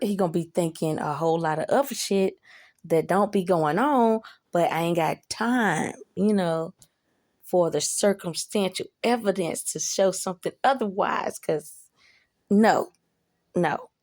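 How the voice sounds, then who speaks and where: A woman's voice: medium pitch, a little mellow. A woman telling a story to the camera in a casual, rambling way, swearing a lot and asking "you know?". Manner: profane, rambling, asks listener "you know?".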